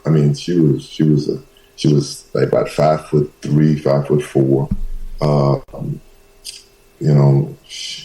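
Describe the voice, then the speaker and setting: A man's voice: reverberant, poor audio. A man in his sixties, a guest and former pro football player, telling a story casually and acting out quotes. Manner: animated, acts out quotes in a high voice.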